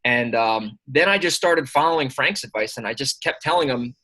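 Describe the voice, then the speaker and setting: A man in his early twenties, a sales coach telling an animated anecdote in a casual way. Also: mid-range voice, low-quality recording. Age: early 20s. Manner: animated anecdote with quick asides. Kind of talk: casual storytelling.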